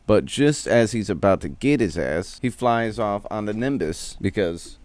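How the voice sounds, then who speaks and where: A man's voice: fairly low pitch, expressive, measured pace, a little mellow, dry recording. A man recapping an anime episode in casual, joking, profane slang.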